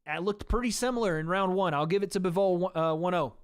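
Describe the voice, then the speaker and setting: A man with a fairly high, smooth voice calls a fight play by play for his livestream viewers. His talk is loose and chatty, and he keeps turning to the audience as "guys." The sound is dry and close, with no room echo. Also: a little fast. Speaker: livestream host. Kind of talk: casual play-by-play commentary.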